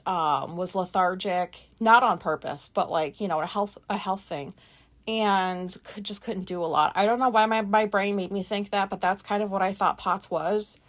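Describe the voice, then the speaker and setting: A woman hosting her own podcast, talking loudly in a chatty, rambling and frank way about her life. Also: mid-range voice. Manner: loud talker. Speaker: podcast host. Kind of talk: casual solo podcast monologue.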